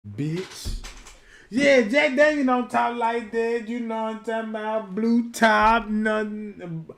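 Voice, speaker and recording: A man streaming a casual reaction commentary, loud and profane, who slips into sung bits and mock voices. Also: high-pitched, takes it slowly. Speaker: streamer host.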